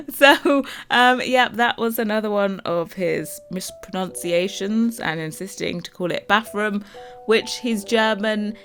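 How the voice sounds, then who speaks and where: A woman's voice: mid-range voice, slow pace, a bit bright, faint music behind. A woman with a London accent chatting casually to her viewers as a Sims builder, rambling with lots of fillers. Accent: London English. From London, England.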